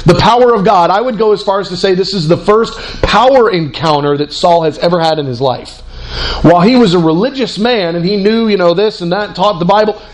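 A man preaching a sermon in an animated, conversational way, with fillers and restarts. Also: sits high.

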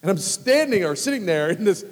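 A man preaching a storytelling sermon in an animated way, acting out conversations. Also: high-pitched, a little fast. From United States. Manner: animated, acts out dialogue in lively voices. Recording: long reverb of a large hall.

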